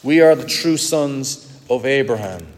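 Emphatic preacher in a reverberant hall. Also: male voice, lively intonation, a little slow, slight background noise. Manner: emphatic, dramatic swings in pitch and loudness. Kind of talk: sermon.

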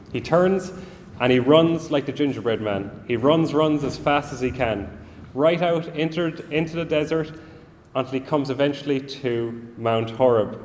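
A man preaching a sermon, earnest and measured, often repeating words as he gathers his thoughts. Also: medium pitch, a little mellow, a little hiss or hum. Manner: earnest, measured, repeats himself while thinking. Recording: long reverb of a large hall.

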